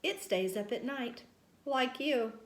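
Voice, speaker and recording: Woman reading as a big grouchy mouse, tired and short, slow storybook lines, roomy echo. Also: high voice, expressive, pitched above the performer's own voice. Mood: weary. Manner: curt and weary. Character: grumpy sleepy grown male mouse.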